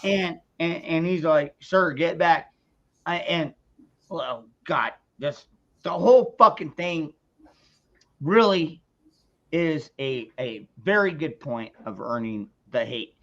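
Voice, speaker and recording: A man's voice: fairly high pitch, animated, slow. A man ranting on a casual livestream, angry and profane, stumbling through restarts as he talks. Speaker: streamer. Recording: dull lo-fi sound.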